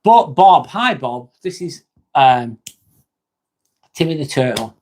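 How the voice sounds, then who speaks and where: A man's voice: fairly high pitch, big pitch swings, slow, darkish tone, slight background noise. A man, chatting bluntly and casually with viewers on a livestream, full of "um" and "mate". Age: 40s. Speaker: livestream host and nurse.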